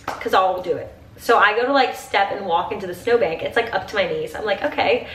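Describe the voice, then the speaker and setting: A woman's voice: medium pitch, fairly quick, a bit bright, far from the mic, slight background noise. Young woman, 20s, chatty get-ready-with-me vlogger; gushing, filler-heavy, teary; roomy room sound. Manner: chatty, gushing, says "like" constantly. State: teary, crying at times.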